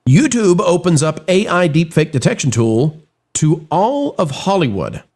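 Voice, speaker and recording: A man hosting a live stream, reading and commenting on news in an animated, theatrical way while getting over a cold. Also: a little high, a little slow. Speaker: show host.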